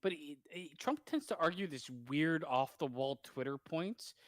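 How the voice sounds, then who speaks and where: A man with a slightly high voice rants bluntly on a casual podcast, swearing as he goes. The sound is close and dry. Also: lively intonation, unhurried, no echo. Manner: blunt and profane, ranting.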